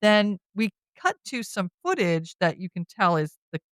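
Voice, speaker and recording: A podcast host, she casually walks through a horror film scene by scene in a chatty storytelling style, often using "you know" and "like." Her medium-pitched voice has big pitch swings and an unhurried pace, in a dry recording.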